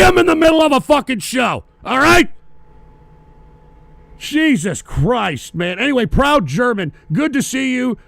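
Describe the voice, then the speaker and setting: A man hosting a livestream, ranting angrily about politics and cursing at viewers who donate, often shouting. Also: high voice, no echo. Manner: profane, ranting, frequently shouting. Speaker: livestream host. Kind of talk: angry political rant, reading donations.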